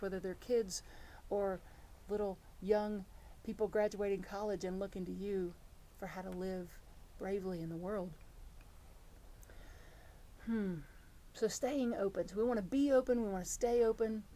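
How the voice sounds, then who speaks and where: A woman's voice: mid-range voice, a little hiss or hum. Earnest woman preaching a sermon. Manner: storytelling, earnest and animated, with many restarts. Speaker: reverend.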